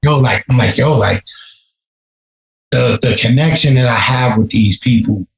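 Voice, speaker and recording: Laid-back profane rapper, echoey room. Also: male voice, medium pitch, unhurried, vocal fry. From Chicago, USA. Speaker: rapper guest. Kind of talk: casual podcast interview.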